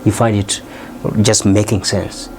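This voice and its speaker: A man's voice: on the low side, flat delivery, slight background noise. Man teaching an English lesson. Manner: explanatory, checks in with "okay?", frequent "uh" pauses. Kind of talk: recorded video lesson.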